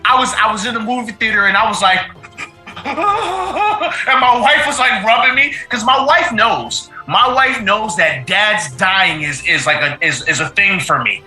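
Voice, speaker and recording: A man's voice: high-pitched, normal speed, few pauses, faint music behind. A middle-aged man chatting casually on a show, telling stories with feeling and repeating his phrases. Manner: animated, repeats phrases, emotional storytelling. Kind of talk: casual chat. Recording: roomy echo.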